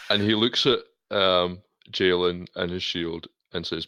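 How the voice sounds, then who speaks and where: A man calmly narrates his character's actions in a tabletop game. His voice sits low, with a dry close sound. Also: measured pace, dry recording. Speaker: player.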